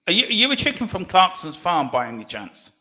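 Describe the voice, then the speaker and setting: A man co-hosting a casual sports livestream, jokey and energetic, with a sore throat. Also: high-pitched, a little fast. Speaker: livestream co-host.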